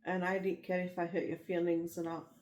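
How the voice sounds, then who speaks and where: A woman's voice: on the low side, level tone, brisk, a little mellow. Rambling Liverpool woman in a roomy echo. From Liverpool, England. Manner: rambling, frank storytelling. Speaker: vlogger. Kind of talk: casual chat.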